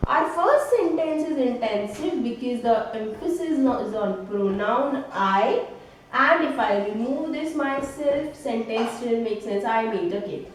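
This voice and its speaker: A woman's voice: a little high, lively intonation. A woman teacher with an Indian English accent, giving a classroom grammar lesson and checking in with a questioning "right?" at the end of her points. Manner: slow, explanatory, ends phrases with a questioning "right?". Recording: echoey room, voice from a distance, faint hiss.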